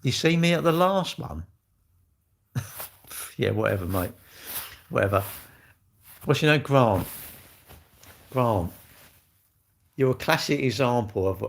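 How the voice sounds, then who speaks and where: A man's voice: on the low side, unhurried, vocal fry, long pauses. A middle-aged man talks straight to his livestream chat, cheeky and blunt. He swears without a second thought and teases his viewers in easy, chatty banter. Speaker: livestream host. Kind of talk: casual livestream chat reading viewer comments.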